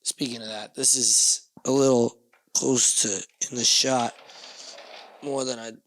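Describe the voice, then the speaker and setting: A man's voice: mid-range voice, fairly even intonation, slow, fairly bright tone. A man with a New Jersey accent hosting a casual solo podcast from a small, dusty backyard shed, rambling with profane jokes and asides. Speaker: podcast host.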